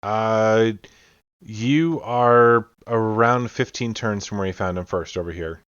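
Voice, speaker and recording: A man with a fairly low voice runs a tabletop game as game master. He talks through each scene at length, with plenty of fillers. The sound is dull and lo-fi, and very dry. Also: takes it slowly, a bit bright, smooth, no echo. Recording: dull lo-fi audio.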